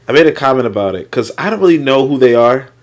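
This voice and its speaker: A man's voice: mid-range voice, animated, fast talker. Male host, casual rambling commentary on a reading, filler-heavy and blunt. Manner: rambling, loose, many fillers and restarts, swears.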